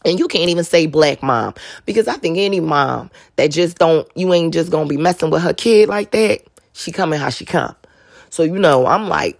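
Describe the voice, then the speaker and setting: A woman with a low, gravelly voice talks through a casual storytelling monologue. Her delivery is chatty and full of slang, and a husky edge runs under it. The sound is dry and close. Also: lively intonation, normal speed, no room sound. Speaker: podcast host and mother.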